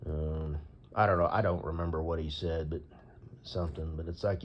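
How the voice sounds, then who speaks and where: A man's voice: very deep voice, steady tone, moderate pace, dull audio, a little hiss or hum. Rambling, profane man ranting. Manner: rambling, profane, full of "you know". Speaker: vlogger. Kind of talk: ranting commentary.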